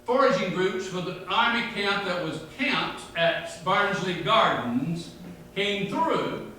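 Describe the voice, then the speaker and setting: A man's voice: sits high, expressive, takes it slowly, pushed and bright, a little hiss or hum. A man from north Georgia with a Southern accent, telling humorous family history stories to a local history group. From north Georgia, USA. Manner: humorous, rambling family storytelling. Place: meeting room. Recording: very echoey room, mic far off.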